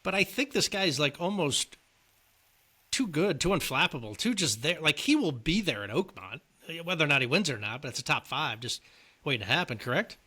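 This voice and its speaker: Lively male podcast co-host asking questions. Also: on the high side, brisk, slightly rough. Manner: quizzing, leading the questions. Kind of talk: casual movie and sports chat.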